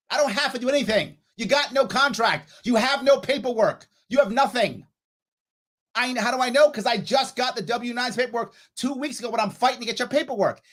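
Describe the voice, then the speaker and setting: Reading chat aloud on his political livestream, a New York man replies bluntly and now and then lays into a commenter heatedly. The voice is very high-pitched and fairly bright.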